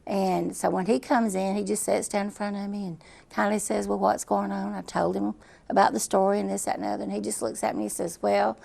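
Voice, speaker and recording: A woman's voice: medium pitch, steady tone, quick pace, creaky, a little mellow. A middle-aged woman telling a personal story as an interview guest, earnest and repetitive.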